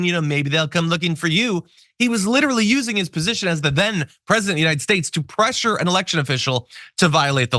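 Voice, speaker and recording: A man hosting a political talk show, sarcastic and animated, building hypothetical examples. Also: high-pitched, no echo, studio quality. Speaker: host. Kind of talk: political commentary chat.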